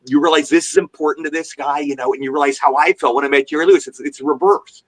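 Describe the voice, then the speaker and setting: Appearing as a guest on a podcast, a man tells a lively, meandering anecdote in storyteller fashion, repeating himself along the way. His voice sits on the high side, quick and creaky.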